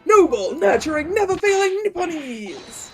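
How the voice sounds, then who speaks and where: A woman's voice: extremely high pitch, expressive, normal speed, faint music behind, pitched above the performer's own voice. A woman voicing an overexcitable, emotional young male writer who gushes. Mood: overjoyed, gushing. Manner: gushing, emotional.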